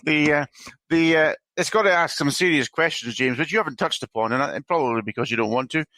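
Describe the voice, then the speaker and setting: A man's voice: on the high side, fast, pushed and bright, no echo. A man co-hosting a sports podcast, speaking in a teasing, theatrical way. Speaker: podcast co-host. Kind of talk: casual sports chat.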